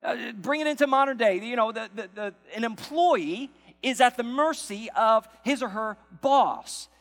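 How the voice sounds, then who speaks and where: A man's voice: very high-pitched, unhurried, a bit bright, long reverb tail. A man preaching a sermon as pastor, conversational, with repeated phrases and asides to the congregation.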